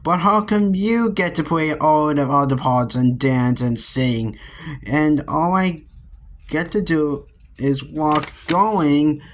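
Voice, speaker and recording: A man's voice: fairly high pitch, takes it slowly. A man voicing a whiny, goody-goody little brother who pleads to be included.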